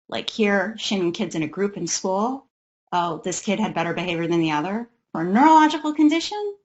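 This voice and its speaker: A woman's voice: lowish voice, dull audio. A woman, the parent of an autistic son, giving an educational talk on autism care in a conversational way, acting out the voices of parents and kids.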